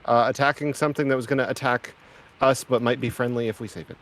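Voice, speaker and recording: A man's voice: medium pitch, fairly even intonation, quick pace, a bit bright, low-quality recording. A man playing a tabletop game, hesitant and nervous about what to do. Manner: anxious, hesitant. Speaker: player.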